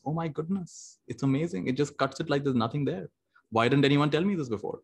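Animated man telling motivational stories. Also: mid-range voice, quick pace. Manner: animated, acts out quotes, laughs often. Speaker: meditation teacher giving a talk. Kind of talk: motivational storytelling talk. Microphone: video call.

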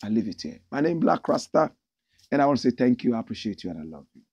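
Ghanaian male host, husky and gravelly, swinging pitch, dry close sound. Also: quick pace, no room sound, lo-fi sound. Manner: animated, reads viewer comments aloud in a pitched-up voice. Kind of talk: casual livestream talk.

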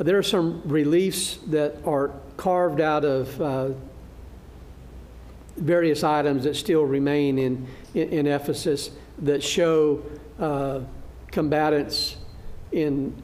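A man teaching a church Bible class, lecturing through a slide show in a halting way, with frequent fillers and restarts. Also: a little high, fairly even intonation, a little mellow. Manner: good-humored, laughs at his own slip.

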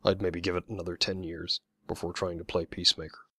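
A man's voice: sits low, little pitch movement, fairly quick, bright, forceful tone, slightly rough, no echo, exaggerated voice. A man voicing a blunt, sardonic young man in an audiobook, offhand and dry.

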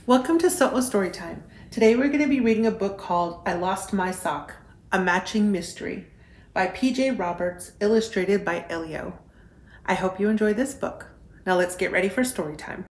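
A woman host reading picture books aloud to young children, gentle and clear, asking them little questions. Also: mid-range voice, moderate pace. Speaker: children's storybook reader and channel host.

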